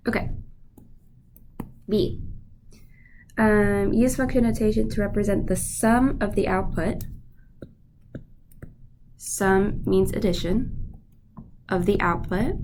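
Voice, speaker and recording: Over a noisy background, a woman with a mid-range voice teaches math while clearly congested. She stays patient and keeps checking on her students with little "right?" and "okay?" prompts.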